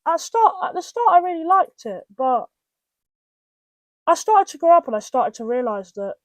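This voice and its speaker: Her pitch is extremely high with big swings, at a moderate pace and with no echo. This young adult British podcast host tells personal stories casually and ramblingly, full of restarts and asides.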